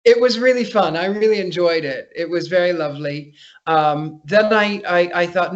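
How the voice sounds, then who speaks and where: A man's voice: sits high, moderate pace, muffled recording. A man talking as a guest psychic in a casual interview, telling stories with lots of restarts over a remote call. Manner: chatty storyteller, frequent restarts.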